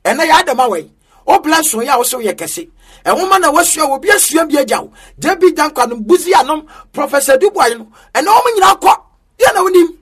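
A man with a Ghanaian accent preaching a sermon in an emphatic, half-sung style that rises to shouts. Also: extremely high pitch, big pitch swings, fairly quick.

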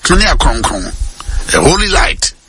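A man hosting a radio sermon, preaching in a lively way, repeating phrases and dropping English words into his talk. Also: on the high side, unhurried, crowd noise.

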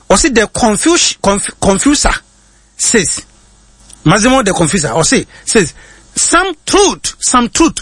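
A man with a Ghanaian accent teaching in sermon style, reading quotes slowly and then explaining them in quick bursts with many hesitations. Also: sits high, a bit bright, husky, dry recording. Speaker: preacher. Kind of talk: sermon-style teaching, mixing English and Twi.

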